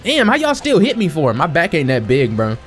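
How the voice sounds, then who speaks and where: A young man in casual let's-play commentary, excitable and slangy, talking to himself and his viewers while he plays, a little sniffly. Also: fairly high pitch, brisk, soft background music. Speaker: gaming channel host.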